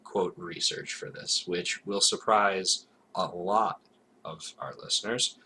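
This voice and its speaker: A man's voice: sits low, slow pace, bright, forceful tone, slight background noise. A man co-hosting a casual podcast, talking in a playful, hesitant way with many fillers. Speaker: podcast co-host. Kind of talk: casual chat. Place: home, recorded live.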